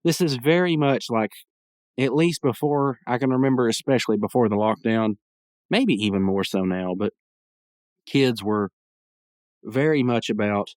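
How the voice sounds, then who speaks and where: A man's voice: mid-range voice, normal speed, pauses often, darkish tone, no echo, studio quality. A young man hosting a podcast, casually recapping a cartoon episode in a rambling way and chuckling as he acts out lines. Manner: rambling, laughs while retelling scenes, acts out lines. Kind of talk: casual solo commentary.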